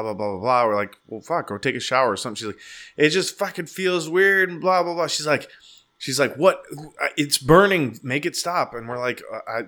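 Bright-voiced man telling a rowdy story. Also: on the low side. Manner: animated, swearing, acts out quotes. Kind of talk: casual storytelling.

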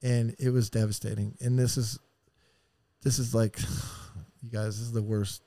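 A man's voice: mid-range voice, flat delivery, unhurried, dark tone, dry recording. Raw, profane man telling his story. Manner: raw, profane, heartfelt, with sighs and restarts. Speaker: podcast guest. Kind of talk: emotional personal storytelling.

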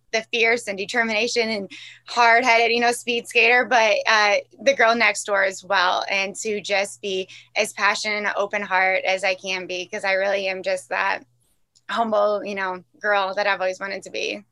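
A woman guest speaking earnestly and haltingly, teary and emotional. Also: mid-range voice, pushed and bright. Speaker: interview guest. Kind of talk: heartfelt personal talk.

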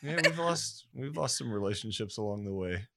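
A man's voice: on the low side, expressive, normal speed, creaky, heavy background noise. A man co-hosting a casual podcast chat, friendly and asking questions. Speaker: podcast co-host.

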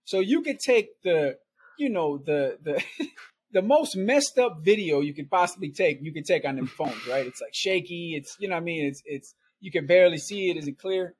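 A middle-aged man guesting on a podcast tells a lengthy, rambling story in casual chat, laughing frequently and capping lines with "right?" and "man." He sounds animated, speaking at normal speed in a voice on the high side with a breathy edge.

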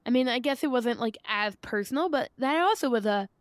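An American woman host with a fairly high, smooth voice chats with her guest, supportive and quick to laugh. The recording sounds dry and close. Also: animated, no room sound. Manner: supportive, chatty, laughs easily. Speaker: podcast host. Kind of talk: casual chat.

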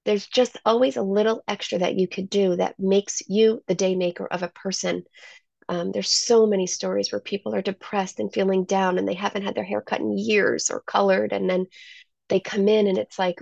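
A woman's voice: mid-range voice, flat delivery, moderate pace, gravelly, darkish tone, no echo. A woman who owns a salon, talking as a guest in a casual interview and telling stories with enthusiasm. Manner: enthusiastic storyteller. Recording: slightly muffled dry sound.

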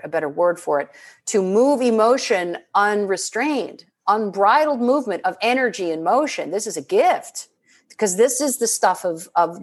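A middle-aged woman coaching and chatting in an expressive, animated way, often restarting her sentences. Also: medium pitch, slightly rough. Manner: expressive and animated, quick to laugh, frequent restarts. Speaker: transformational leadership coach. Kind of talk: casual podcast conversation.

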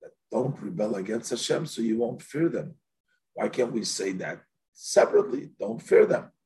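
Man teaching a lively text lesson. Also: fairly low pitch, moderate pace. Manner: explains questions aloud, mixing Yiddish and Hebrew phrases; lively, rising on questions. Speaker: Torah teacher.

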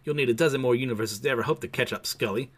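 A man's voice: medium pitch, rapid-fire, lightly acted. A man reading aloud the boastful taunts of a cocky male goblin villain. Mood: taunting. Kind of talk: reading comic dialogue aloud.

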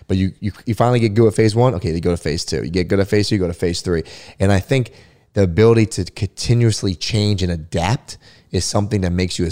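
A man with a fairly low voice talks as an interview guest, looking back on his sports career in a relaxed, conversational way. He is reflective and emphatic and often stumbles over and repeats a word before pushing on. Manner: reflective and emphatic, repeats words when restarting. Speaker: podcast guest, former pro football player.

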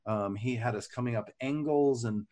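A man's voice: mid-range voice, normal speed, warm tone. A middle-aged man co-hosting a podcast, reminiscing in casual chat with enthusiasm and lots of restarts. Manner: enthusiastic, repeats words as he goes. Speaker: podcast co-host and former series actor.

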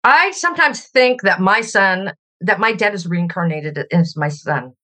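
A woman's voice: medium pitch, expressive, a little slow. A middle-aged woman from Canada, a podcast guest speaking reflectively in a conversational interview. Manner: reflective and warm, laughs while telling stories.

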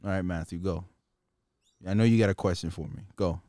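A man's voice: deep voice, steady tone, brisk, warm tone, dry recording, clean studio sound. A man in casual chat, bantering, laughing and swearing with a friend.

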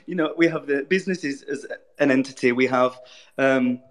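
A man's voice: mid-range voice, moderate pace. A man speaking as a guest in a casual online audio chat, earnest and rambling, swearing now and then.

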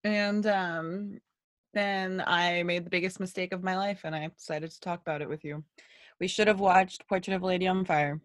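A woman's voice: fairly low pitch, fairly even intonation, normal speed, dry recording. Young woman rambling, self-deprecating, dry. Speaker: podcast host. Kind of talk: casual chat.

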